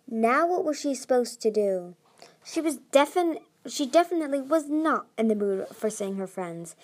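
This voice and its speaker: A woman's voice: mid-range voice, darkish tone. A woman narrating a fantasy novel aloud, reading steadily with occasional slips and restarts.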